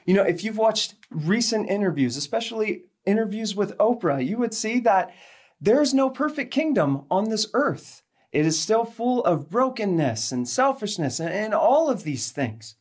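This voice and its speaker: A woman giving a sermon, telling a personal story with animated delivery and acting out the people in it. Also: fairly low pitch. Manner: animated, acts out quoted people, laughs while telling. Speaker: speaker giving a faith talk.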